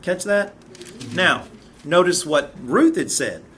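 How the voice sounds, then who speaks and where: A man's voice: a little high, animated, slow, fairly bright tone. A man in his fifties teaching a Bible study in an earnest, conversational way, often restarting and repeating words. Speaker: Sunday school teacher.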